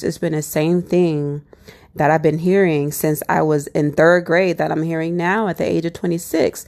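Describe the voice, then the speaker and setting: A woman in her twenties sharing a personal faith testimony, animated and acting out her past thoughts with lots of "like" and "you know". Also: lowish voice, brisk, gravelly.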